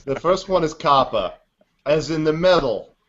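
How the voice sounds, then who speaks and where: A man puts on a mock-theatrical celebrity impression. The voice sits a touch high and swings widely in pitch. Each word is drawn out with odd pauses, and the audio is dull and lo-fi. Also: very animated, slight background noise. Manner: slow, oddly paused, teasing delivery.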